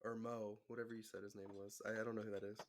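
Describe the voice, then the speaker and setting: A man's voice: lowish voice, flat delivery, racing, slight background noise. A man playing a tabletop game, talking defensively and stammering. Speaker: player. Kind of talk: casual tabletop chat.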